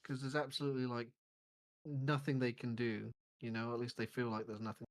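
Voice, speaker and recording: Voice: mid-range voice, little pitch movement, fairly quick. A co-streamer trading wry jokes in a casual livestream chat. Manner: joking, wry banter.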